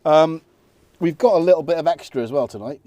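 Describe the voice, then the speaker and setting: A man's voice: a little high, brisk, warm tone, no echo, dull audio. A middle-aged man hosting a casual live stream, rambling and joking while he talks to his cats.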